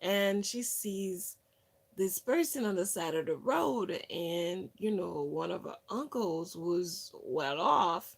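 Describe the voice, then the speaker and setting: Slow, gravelly woman telling stories. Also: lowish voice. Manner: rambling, many fillers and restarts; lively retelling of others' words. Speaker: wellness channel host. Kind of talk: casual storytelling monologue.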